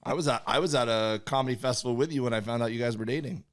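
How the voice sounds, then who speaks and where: A man co-hosting a comedy podcast, chiming in with quick asides in casual chat. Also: mid-range voice. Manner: animated, jumps in with quick asides.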